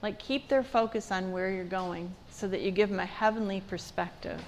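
A woman leads a church parenting seminar in a conversational voice. She speaks at a middle pitch and often puts questions to her listeners. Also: moderate pace, slight background noise. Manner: conversational, asks the audience questions.

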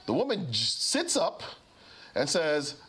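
High-voiced man telling a sermon story. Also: slow pace, a little hiss or hum. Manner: animated storyteller, acts out quoted voices. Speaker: pastor and physician speaking on a ministry show.

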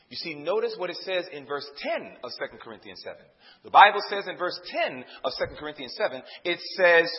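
A male preacher delivering a sermon. He calls out questions to the congregation and swings from loud, emphatic lines to low, hushed ones. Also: lively intonation, fast talker. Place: church service before a congregation. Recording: dull lo-fi sound.

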